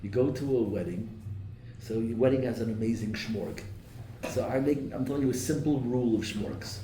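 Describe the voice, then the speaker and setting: A man's voice: mid-range voice, fairly quick, dark tone, a little hiss or hum. A man giving a Torah class as a rabbi. He keeps quizzing his listeners and mixes Hebrew and Yiddish terms into his English. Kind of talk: lively Torah class lecture. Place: classroom or study hall with a live audience. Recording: echoey room, mic at a distance.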